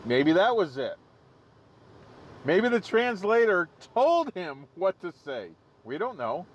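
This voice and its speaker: A man's voice: high voice, big pitch swings, takes it slowly, muffled recording, slight background noise. A man hosting a live stream outdoors, joking casually and laughing at his own jokes. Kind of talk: casual livestream commentary.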